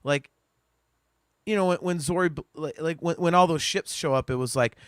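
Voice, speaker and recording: This man's voice sits fairly high and sounds clear and resonant as he co-hosts a podcast at a moderate pace. He swears freely, rambles and restarts his thoughts in casual conversation, all recorded cleanly in a studio with no room sound.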